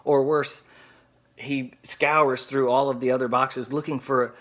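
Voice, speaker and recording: A man's voice: medium pitch, level tone, unhurried, fairly bright tone. A man telling a story to camera as a video blogger, sarcastic and exasperated.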